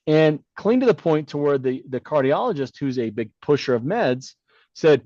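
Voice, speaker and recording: A man's voice: mid-range voice, brisk, no echo, lo-fi sound. A middle-aged man, a podcast co-host, telling a personal story in casual chat, blunt and given to acting out the voices of the people in it. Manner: animated storyteller who acts out quoted dialogue.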